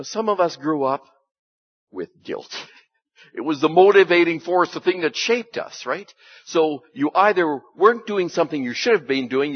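A pastor gives a conversational sermon in a folksy manner, often asking the congregation rhetorical questions. His voice is on the high side with a breathy edge, captured in a dull lo-fi recording.

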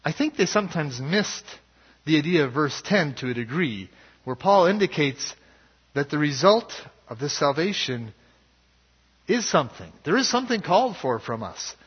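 A man preaching a sermon as pastor, in a measured and earnest way. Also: a little high, very animated, breathy edge. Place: church sanctuary. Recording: dull lo-fi sound with long hall reverb.

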